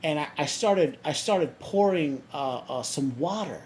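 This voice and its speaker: A man's voice: fairly high pitch, lively intonation, measured pace, a little mellow, a little hiss or hum. A man quoting a flustered Russian gym-goer. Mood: complaining.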